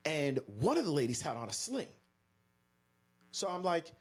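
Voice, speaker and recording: A man from Florida, a podcast guest, telling a story in an energetic, emphatic way and talking straight to the listeners. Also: high-pitched, moderate pace, husky. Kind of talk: animated storytelling to an audience.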